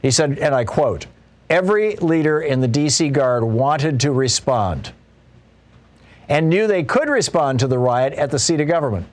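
A man's voice: on the high side, lively intonation, normal speed. A man hosting a political talk show, commenting casually with frequent restarts and mocking asides. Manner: conversational, restarts often, mocking quoted voices.

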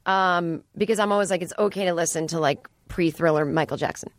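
Here's a woman's solo podcast from a studio: she rambles casually, dropping sarcastic asides. Her lowish voice moves briskly, and the studio microphone picks up no room sound.

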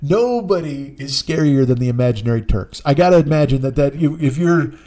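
A man hosting a podcast tells a comic story in a loose, rambling way, swearing freely as he goes. His voice sits a little high for a man. The delivery is animated and conversational. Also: a little fast. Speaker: podcast host.

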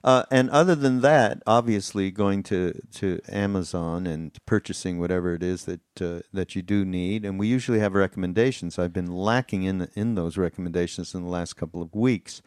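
A man hosting a podcast in casual chat. He talks in a rambling, halting way with many fillers. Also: sits low, darkish tone, clear, resonant tone, no room sound, studio quality. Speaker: podcast host.

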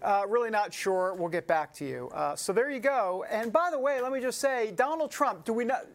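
A man's voice: sits high, lively intonation, moderate pace, a little hiss or hum. A man with a New York accent hosting a casual news show, joking and rambling with asides to the audience. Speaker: show host.

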